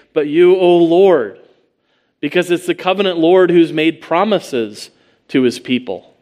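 A man preaching an expository sermon, earnest, asking rhetorical questions and reading scripture aloud. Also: mid-range voice.

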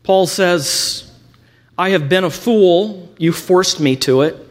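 A man's voice: high-pitched, slow pace. A man teaching a lecture on scripture, reading quotations aloud and adding ironic asides. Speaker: Bible teacher.

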